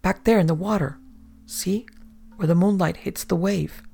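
A man voicing a rough, frightened sailor with a hoarse, croaking voice. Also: high voice, moderate pace, mellow, soft background music, full character voice. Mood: uneasy.

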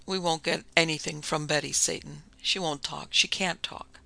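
A weary police commissioner, solemn and tired, as a man reads him aloud in a story. The voice is bright and a little gravelly, set dry and close. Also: a little high, steady tone, moderate pace, no room sound, exaggerated voice.

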